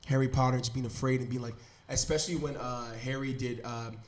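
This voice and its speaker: A man's voice: mid-range voice, little pitch movement, fast talker, slight background noise. A man hosting a podcast in casual chat, enthusiastic and rambling with slang. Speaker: podcast host.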